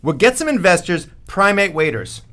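A man hosting a talk show, joking and punning with his guests in a lively, teasing banter. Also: high voice, moderate pace. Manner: wisecracking, punning, animated. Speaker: host.

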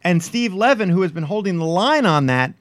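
A man hosting a casual news show and quizzing his partner in a teasing way. He sounds high for a man and very lively in pitch. The room is dry and close. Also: a little fast, dry recording. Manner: teasing, animated, quizmaster. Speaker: co-host. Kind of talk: casual radio-style news quiz banter.

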